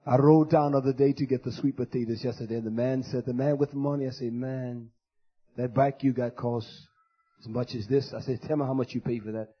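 A man pastor preaching a fiery sermon, swinging from loud shouted denunciations to low muttered asides. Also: steady tone, brisk, slightly rough, lo-fi sound.

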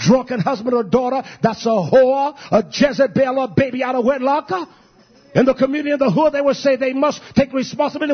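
Male preacher, high husky voice, fiery sermon with sudden shouts, dull muffled recording. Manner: swings between shouting and low mutters, drawn-out emphasis. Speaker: pastor.

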